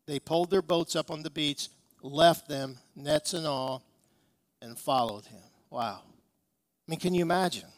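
Pastor guy preaching, pretty high voice, emphatic, keeps asking the crowd questions. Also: measured pace, no echo. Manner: emphatic storytelling, rhetorical questions. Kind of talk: sermon.

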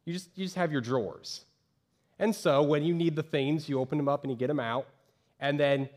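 A man preaching a sermon as pastor from a church stage, lively, acting out the voices of the people he describes. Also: a little high, a little fast. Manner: animated, acts out quoted voices of churchgoers.

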